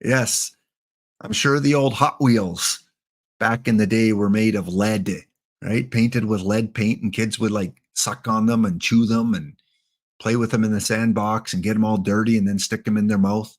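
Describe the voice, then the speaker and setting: A man's voice: on the low side, fairly even intonation, moderate pace. Chatty Canadian man hosting a stream. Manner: joking, chatty, answers chat. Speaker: livestream host. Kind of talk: casual livestream chat.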